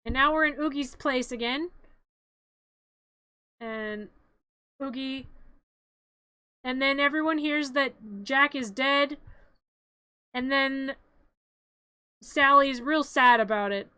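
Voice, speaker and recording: A woman's voice: high voice, slow pace, pauses often, dry recording. A woman streamer giving a rambling, joking play-by-play of a film in a casual live stream. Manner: animated, rambling play-by-play with jokes.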